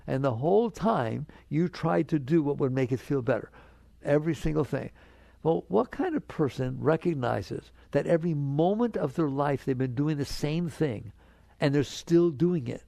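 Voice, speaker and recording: A man teaching spirituality in a relaxed, conversational way, often asking his listeners rhetorical questions. His voice is gravelly and mellow, and he speaks at a middle pitch. The sound is dry and close, with no room echo. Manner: soothing, coaxing the listener to relax. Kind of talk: spiritual talk to an audience.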